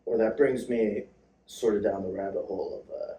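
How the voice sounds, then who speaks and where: A man co-hosting a comedy podcast, trading jokes in casual banter with a deadpan, self-deprecating delivery. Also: fairly low pitch, moderate pace. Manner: deadpan, self-deprecating, laughs at his own bits. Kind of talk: casual joke-writing banter. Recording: echoey room, mic at a distance.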